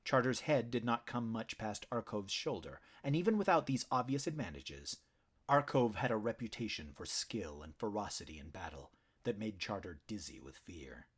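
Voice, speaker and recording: A man narrating an animal fantasy audiobook in a measured, dramatic storytelling manner. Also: lowish voice, lively intonation, slightly rough.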